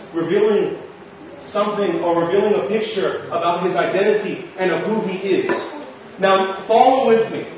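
A man's voice: high-pitched, a little hiss or hum. A man preaching a sermon, reading scripture aloud and then explaining it to the listeners, whom he calls friends. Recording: very echoey room heard from a distance.

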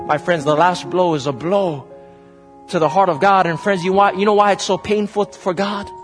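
A man preaching a dramatic, emphatic sermon, often calling his listeners "friends.". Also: sits high. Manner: emphatic and dramatic, repeatedly addresses the audience as "friends".

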